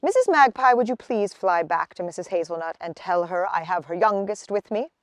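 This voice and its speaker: A woman doing a kindly gentle squirrel. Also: fairly low pitch, moderate pace, no room sound, studio quality, close to an everyday voice. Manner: polite, quiet and warm-spoken. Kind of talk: storybook read-aloud.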